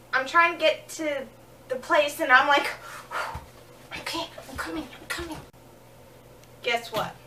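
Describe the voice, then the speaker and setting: A young woman with a high, bright voice tells comic travel stories to her camera. She acts out little scenes. She sounds a bit jet-lagged. The mic is set back a little, with faint room sound behind her. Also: recorded from a distance, slight background noise. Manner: animated, acting out scenes with quoted voices. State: jet-lagged, low energy. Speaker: vlogger. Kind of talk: comedic storytelling vlog.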